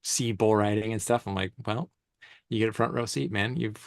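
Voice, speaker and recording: Male photographer guest, animated casual storyteller, low pitch, dry close sound. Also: normal speed, creaky, no echo. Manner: animated, laughing, slangy storyteller. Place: event space on stage.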